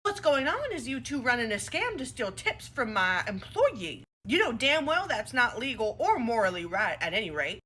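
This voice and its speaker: A woman's voice: fairly high pitch, breathy edge, exaggerated voice. A woman playing a blunt, scolding store owner. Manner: sharp, scolding, sarcastic. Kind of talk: comedy skit role-play.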